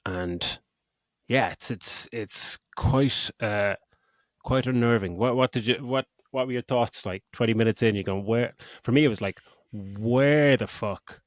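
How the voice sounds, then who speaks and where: A man's voice: medium pitch, normal speed, no echo, clean studio sound. A middle-aged man co-hosting a podcast, rambling through a film chat, swearing freely and laughing at his own jokes. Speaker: podcast co-host. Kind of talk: casual film review chat.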